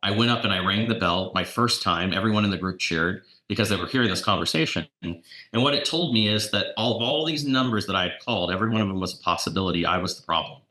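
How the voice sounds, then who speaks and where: A man who works as a real estate agent and coach, telling lively anecdotes and often repeating words as he goes. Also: sits low, fast talker, reverberant. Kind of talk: casual storytelling.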